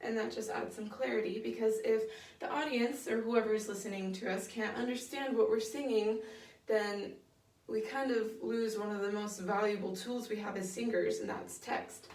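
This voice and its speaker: A woman's voice: a little high, fairly even intonation, moderate pace, darkish tone. A young woman leading a women's choir rehearsal, patient and encouraging, with many fillers as she explains singing technique. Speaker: choir director. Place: rehearsal room. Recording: echoey room, voice from far off.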